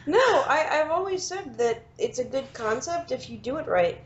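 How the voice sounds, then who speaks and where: Female podcast co-host, higher voice, wry and opinionated, lo-fi sound. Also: animated, normal speed. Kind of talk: casual podcast chat. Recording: lo-fi audio.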